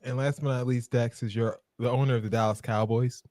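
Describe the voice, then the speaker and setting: A man's voice: medium pitch, fairly even intonation, a little fast, warm tone, no room sound, clean studio sound. A man hosting a casual podcast, joking and laughing often as he reacts to viral clips. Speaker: podcast host.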